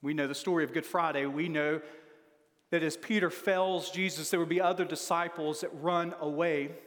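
High-voiced preacher in a reverberant hall. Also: male voice, fairly even intonation, moderate pace, a bit bright. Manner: dramatic reading with shifting emphasis. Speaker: pastor. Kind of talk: sermon.

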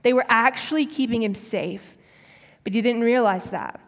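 A woman's voice: fairly high pitch, moderate pace. A woman in her early twenties giving a sermon, telling a personal story in a chatty way with casual fillers. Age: early 20s. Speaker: speaker. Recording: long hall reverb.

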